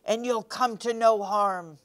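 A woman voicing a boastful, hot-tempered poor peasant man in a storybook reading, loud and blustering. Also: a little high, takes it slowly, pitched above the performer's own voice.

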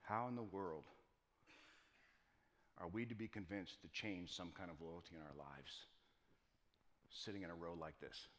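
A man's voice: low voice, unhurried, long pauses, fairly bright tone. A male pastor preaching a conversational sermon in a church, with folksy joking asides and frequent repeated words. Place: church sanctuary. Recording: long church reverb.

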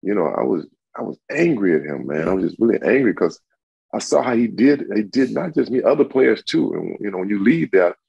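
A man's voice: lowish voice, very animated, brisk, gravelly, mellow, husky, dry recording. A man in his sixties, a guest in an interview, speaking emphatically and often repeating himself. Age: 60s. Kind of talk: casual interview talk. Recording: dull lo-fi audio.

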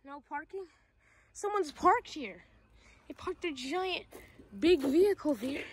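A woman plays a jumpy purple pirate fox in a game role-play, whining and exasperated as he keeps running out of breath. The voice sits high and the delivery is slow and drawn out, with a faint hiss behind it. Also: animated. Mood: panicked. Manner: whiny, flustered and exasperated. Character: jittery purple male pirate fox, easily panicked.

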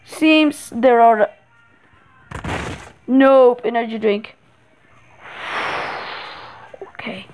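A woman giving excitable commentary while playing a horror game, repeating words in rapid bursts. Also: a little high, soft background music, rough recording. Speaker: gameplay streamer.

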